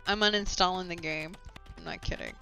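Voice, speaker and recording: A woman's voice: lowish voice, steady tone, brisk, pushed and bright. A woman hosting a let's play, chatty and giggly as she wraps up the game. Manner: chatty and giggly, reads on-screen dialogue aloud. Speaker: gaming channel host. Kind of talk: casual let's play commentary. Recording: slightly dull sound with faint game music.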